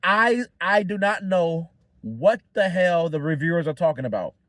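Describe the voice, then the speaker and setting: A young man with a high-pitched voice talks through a movie review on his own, rambling and restarting his sentences, swearing freely and getting worked up. The sound is dry and close, with no room around it. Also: expressive, moderate pace, fairly bright tone, no echo. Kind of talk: casual solo review.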